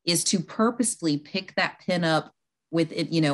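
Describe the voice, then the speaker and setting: A woman's voice: on the low side, normal speed. A woman in her thirties, a conversation coach, explaining earnestly in a podcast interview and acting out quoted lines.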